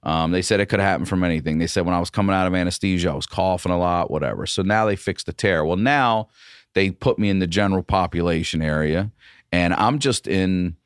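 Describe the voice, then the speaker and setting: A man's voice: deep voice, fairly quick, clear, resonant tone, no room sound, studio quality. A middle-aged male comedian telling a story in casual, profane chat. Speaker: comedian guest.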